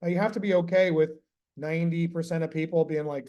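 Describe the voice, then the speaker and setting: Brief: male solar sales coach, blunt and profane, a touch higher than usual, casual screen-share coaching delivery. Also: steady tone, fast talker, a little mellow.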